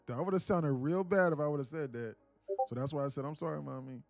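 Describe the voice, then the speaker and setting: A man who day-trades on a live stream chats casually, joking, swearing and using slang as he reads viewers' comments aloud. He talks fast, in a slightly high voice with a darkish tone.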